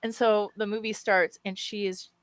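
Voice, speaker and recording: A woman in her thirties co-hosting a podcast, telling a story in a lively, laughing way. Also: mid-range voice, normal speed, no echo. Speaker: podcast co-host. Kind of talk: casual chat, storytelling.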